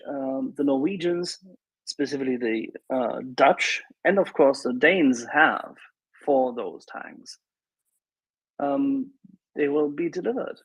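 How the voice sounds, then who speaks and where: A husky-voiced man talks in a casual online audio room. His tone is sarcastic and animated as he mocks red tape. The sound is dry and close. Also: medium pitch, no room sound, rough recording. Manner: sarcastic, animated, laughs at bureaucracy.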